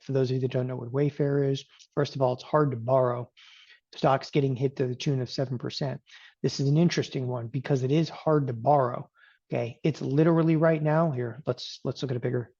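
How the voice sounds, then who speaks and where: A man's voice: mid-range voice, gravelly, dark tone, no room sound, muffled recording. A middle-aged man giving casual live market commentary as a strategist, chatty and peppering his talk with "okay?".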